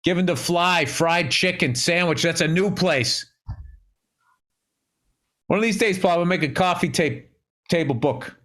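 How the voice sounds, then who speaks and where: A man's voice: a little high, unhurried, long pauses, fairly bright tone. A man in his fifties with a Boston accent, co-hosting a casual podcast chat with blunt, profane, dry humor. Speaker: podcast co-host.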